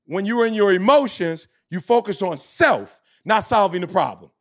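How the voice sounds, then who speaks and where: High-voiced, fired-up man preaching. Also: lively intonation, normal speed. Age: 40s. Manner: emphatic preacher-like cadence, rising to shouts. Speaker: motivational speaker, podcast host. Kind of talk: passionate podcast talk.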